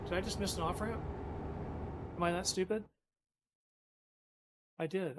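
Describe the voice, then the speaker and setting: A man's voice: high-pitched, steady tone, a little slow, pauses often. A man streaming a driving game live, rambling to himself and a few viewers as he plays. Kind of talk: casual live-stream commentary while playing. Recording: heavy noise behind the voice.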